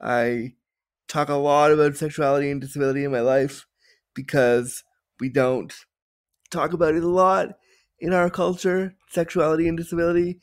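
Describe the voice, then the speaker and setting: An earnest man in his thirties from Canada answers interview questions, pausing and restarting as he thinks. His voice sits a little high for a man. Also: fairly even intonation. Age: 30s. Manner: earnest, halting with restarts and fillers. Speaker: guest, disability consultant.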